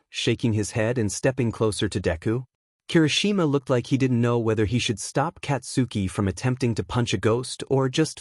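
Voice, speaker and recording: A man reading fan fiction aloud as narrator, in a steady storytelling manner. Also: medium pitch, dry recording, clean studio sound.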